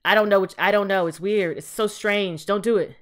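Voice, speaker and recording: A woman's voice: medium pitch, fairly even intonation, a little fast. A woman hosting a reaction video, chatting casually with playful, exclaiming asides.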